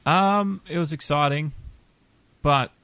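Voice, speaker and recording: A man's voice: on the high side, slow pace, a bit bright, clear, resonant tone, no room sound. A man hosting a casual podcast chat, plain-spoken and teasing. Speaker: podcast host.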